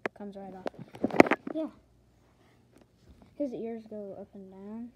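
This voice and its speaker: A woman's voice: medium pitch, slow pace. A woman rambling casually through a show-and-tell vlog at home, often correcting herself as she talks. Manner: rambling, chatty, self-correcting. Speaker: collector showing plush toys. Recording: loud background noise with clicks.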